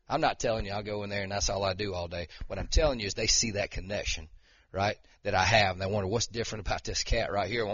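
Folksy man preaching, husky voice. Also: on the low side, fairly bright tone, no echo, lo-fi sound. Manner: conversational, folksy, frequent "okay?" and "right?". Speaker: lay preacher and wrestling coach. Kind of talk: sermon.

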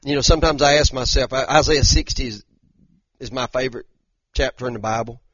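An older man, teaching a conversational sermon as a pastor in a folksy, animated way that rises to emphatic bursts. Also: mid-range voice, a little fast, no echo, dull audio. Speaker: pastor teaching a Bible study.

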